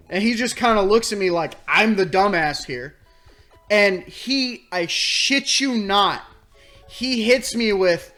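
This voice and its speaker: A man hosting a let's play, telling a story in casual, animated commentary, exasperated and swearing freely. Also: sits high, a little slow, soft background music.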